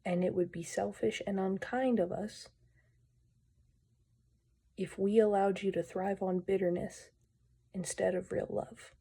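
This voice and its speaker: A woman reads a moral story and speaks to her viewers in an earnest, gentle, pleading way. She takes her time over every phrase. Her voice is mellow and a little breathy. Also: medium pitch, steady tone, a little slow, long pauses. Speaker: storyteller and channel host.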